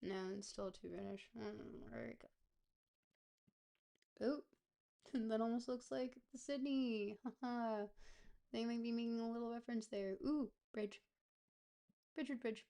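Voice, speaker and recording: A woman giving casual, playful gameplay commentary as a streamer, thinking out loud as she goes. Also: a little high, fairly even intonation, a little slow, vocal fry, long pauses. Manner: playful, thinks aloud, chatty.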